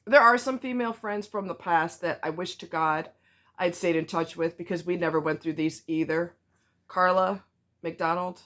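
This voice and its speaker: A woman's voice: lowish voice, fairly bright tone. Blunt woman ranting to camera. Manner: blunt, emphatic, repeats herself for stress. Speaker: vlogger.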